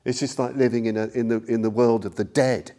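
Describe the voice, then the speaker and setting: A man acting out a panicked young playboy shouting. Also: mid-range voice, flat delivery, a little fast, natural voice. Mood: horrified. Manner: shouting in horror. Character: panicked young male playboy running out at night.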